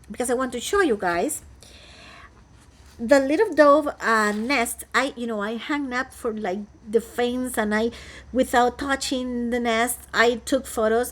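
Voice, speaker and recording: Speaking a little slowly, this Costa Rican flosstuber talks to camera indoors at home about cross-stitch. Her voice is fairly high, and her chatty, meandering style is full of fillers and false starts.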